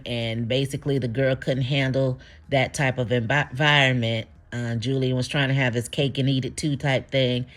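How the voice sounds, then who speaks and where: A speaker casually recapping a TV episode, retelling scenes by quoting the characters, chuckling often and adding blunt opinions. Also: mid-range voice. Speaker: TV show recapper.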